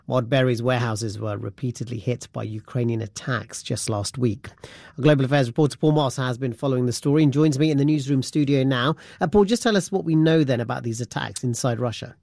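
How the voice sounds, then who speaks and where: A man's voice: mid-range voice, brisk, vocal fry, darkish tone, dry recording. A man presenting radio news from a studio, reading formally and asking a reporter questions.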